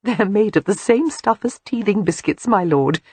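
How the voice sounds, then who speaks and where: A woman voicing a calm, gently amused young aristocratic mother in an audiobook. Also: mid-range voice, moderate pace, husky, dry recording, pitched above the performer's own voice.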